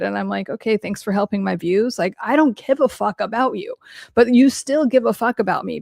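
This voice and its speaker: With a gravelly, medium-pitched voice, a woman podcast host and mental health coach answers questions by herself. She's casual and blunt, swears freely, uses many fillers, and tells stories animatedly. The recording is studio quality with no room sound.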